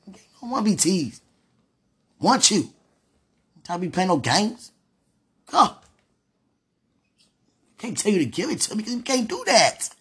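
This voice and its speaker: A woman's voice: on the low side, husky. A woman, praying aloud in a fervent, pleading, rambling way and laughing between phrases. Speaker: religious speaker. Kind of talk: emotional spoken prayer.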